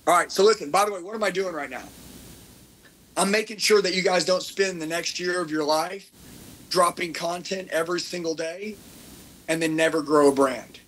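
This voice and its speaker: A fired-up man with a husky, fairly high voice leads an energetic motivational seminar on content creation. He preaches intensely, repeats his points often and keeps checking that the crowd is following, sounding driven and insistent. He speaks at a normal speed with a slightly bright tone, in a low-quality recording.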